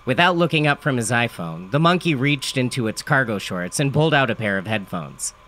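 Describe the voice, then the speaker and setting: A man's voice: mid-range voice, expressive, brisk, fairly bright tone. A man narrating a comic story in a dry, matter-of-fact first-person delivery.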